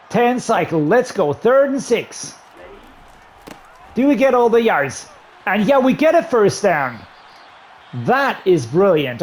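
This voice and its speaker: A man giving running commentary while playing a football video game, excitedly talking through his play calls to himself. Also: high voice. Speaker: gaming YouTuber. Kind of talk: live gameplay commentary.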